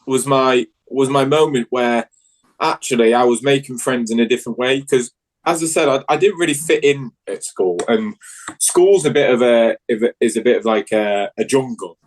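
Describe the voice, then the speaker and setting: A man's voice: medium pitch, moderate pace, rough recording. Candid Northern English man, rambling. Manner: frank, rambling with many restarts. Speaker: guest, Paralympic judoka. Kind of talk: casual interview chat.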